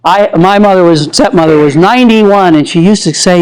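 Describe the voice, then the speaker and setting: An older man, a psychologist, giving an animated storytelling lecture. He laughs often and acts out the quotes in his stories. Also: sits high, fairly quick, smooth, poor audio.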